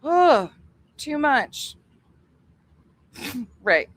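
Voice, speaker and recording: A woman's voice: high voice, sing-song, fairly bright tone, a little hiss or hum. A woman hosting a livestream, chatting casually, swearing freely and laughing easily as she thanks her members. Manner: chatty, profane, quick to laugh. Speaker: livestream host.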